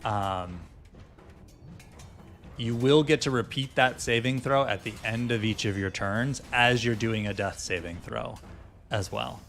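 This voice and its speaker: A man's voice: medium pitch, a little slow, vocal fry. A man running a tabletop fantasy game as dungeon master, narrating and checking rules with many fillers. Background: soft fantasy music.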